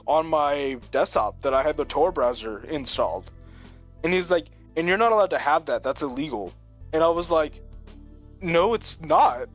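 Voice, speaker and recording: Guy rambling thru a story, lots of "like", kinda high voice, bit of music behind. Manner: rambling, full of "like", chuckles often. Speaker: streamer telling a story. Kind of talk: casual chat.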